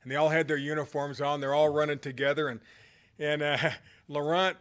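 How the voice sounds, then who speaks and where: A man's voice: fairly high pitch, little pitch movement, moderate pace, fairly bright tone. A middle-aged man telling a motivational personal story in a casual, rambling way, with fillers and restarts. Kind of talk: motivational anecdote told conversationally.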